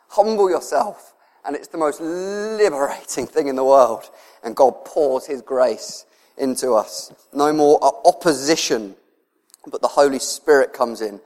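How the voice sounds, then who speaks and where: A man's voice: medium pitch, measured pace, a little mellow. A man preaching a sermon to his congregation, talking conversationally, often chuckling and moved close to tears. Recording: long hall reverb.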